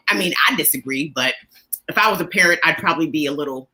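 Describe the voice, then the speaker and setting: A woman's voice: low-pitched, fast talker, sharp tone. A woman in her forties co-hosting a morning talk show, chatting casually with laughing asides. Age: 40s. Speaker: show co-host. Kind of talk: casual chat.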